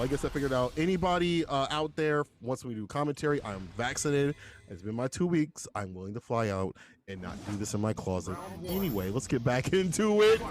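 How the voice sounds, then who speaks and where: A man doing casual esports play-by-play from a small closet at home, slangy and laid-back, talking to his chat. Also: mid-range voice. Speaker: esports commentator.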